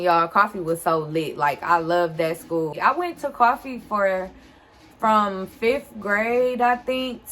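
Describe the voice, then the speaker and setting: Animated woman telling a storytime. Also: medium pitch. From Detroit, USA. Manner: animated, talks straight to viewers. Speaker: vlogger. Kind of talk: casual storytime.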